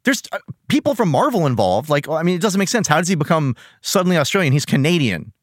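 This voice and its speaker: A man hosting a casual cartoon review podcast, animated and joking, laughing often. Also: on the high side, quick pace, dry recording, clean studio sound. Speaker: podcast host.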